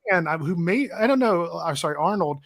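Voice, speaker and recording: A man with a fairly high voice tells stories animatedly, often breaking into laughter. His talk is loose, casual podcast chatter. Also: expressive, fast, fairly bright tone. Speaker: podcast co-host. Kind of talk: casual chat.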